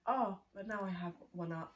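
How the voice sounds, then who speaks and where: A woman's voice: mid-range voice, moderate pace, lo-fi sound, slight background noise. Young woman, self-deprecating guest. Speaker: guest, best friend. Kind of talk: casual chat.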